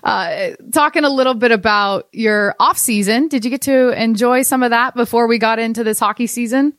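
A woman's voice: on the high side, moderate pace, fairly bright tone, no room sound, clean studio sound. A woman hosting an interview show with a welcoming manner. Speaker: show host.

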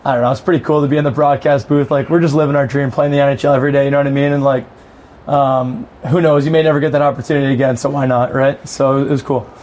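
A man's voice: mid-range voice, flat delivery, quick pace, a little mellow. A young man chatting on a podcast, laid-back and rambling. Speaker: podcast guest. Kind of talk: casual podcast chat.

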